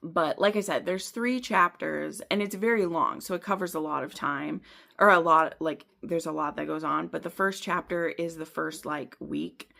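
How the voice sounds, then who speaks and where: A woman's voice: sits low, normal speed, vocal fry, sharp tone. A woman hosting a book channel, talking through her reading in a chatty, rambling way with lots of fillers. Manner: laughs at herself often. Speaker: book vlogger. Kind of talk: casual book review chat.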